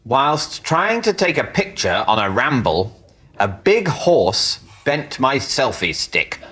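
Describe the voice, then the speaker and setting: A man's voice: mid-range voice, very animated, slow, a bit bright. Exasperated male panel show captain. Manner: incredulous, exasperated reasoning. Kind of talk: comedy panel show questioning. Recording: studio audience laughter, noisy TV mix.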